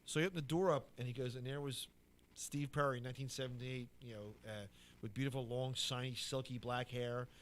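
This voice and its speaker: A man's voice: mid-range voice, a little fast, slight background noise. A man co-hosting a podcast, casually telling a story and acting out what each person said. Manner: animated anecdote teller who acts out quotes. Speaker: podcast co-host.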